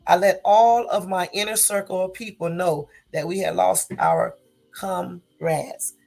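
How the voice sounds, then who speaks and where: Woman, gravelly, on the low side, casual news commentary that stops to fix slips. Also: fairly even intonation, a little slow, darkish tone, faint music behind. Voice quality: gravelly morning voice. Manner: reads aloud with self-corrections and asides.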